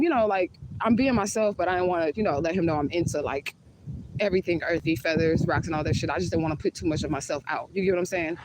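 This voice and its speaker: Fast-talking candid woman telling a story. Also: low voice, noisy background. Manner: candid, profane, chatty. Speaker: vlogger. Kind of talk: casual storytime vlog.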